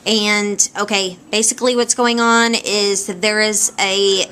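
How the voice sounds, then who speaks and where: A woman telling stories casually to a handheld camera at home, rambling and animated. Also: mid-range voice, a little hiss or hum. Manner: rambling, animated, quick to laugh. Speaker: vlogger. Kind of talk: casual storytelling vlog. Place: at home indoors. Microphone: handheld camera at arm's length.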